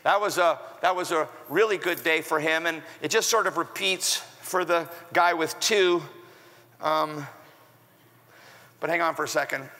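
A man preaching from the pulpit in a bright, forceful voice pitched a touch high. He acts out the scripture with sudden shouts. The sound rings with the long reverb of a big church hall. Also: measured pace. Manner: animated preaching, acting out the servant with raised shouts. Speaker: pastor. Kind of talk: sermon.

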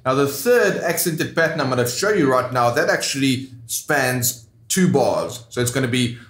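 A man's voice: medium pitch, sing-song, measured pace, fairly bright tone, roomy sound, slight background noise. A man teaching rhythm guitar, explaining steps plainly and counting beats aloud. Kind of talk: instructional lesson.

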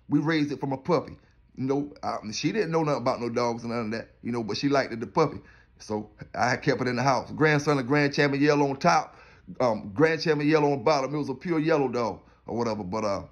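A man from South Carolina talks loosely into his own vlog, preaching and rambling in streetwise slang. His voice sits a little high for a man. Faint music plays underneath. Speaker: dog kennel owner. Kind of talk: casual monologue vlog.

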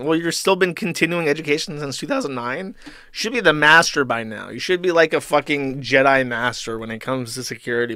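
A man's voice: medium pitch, pushed and bright, no echo, studio quality. A man hosting a stream, reading posts aloud and mocking them with sarcastic, profane commentary. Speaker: streamer host.

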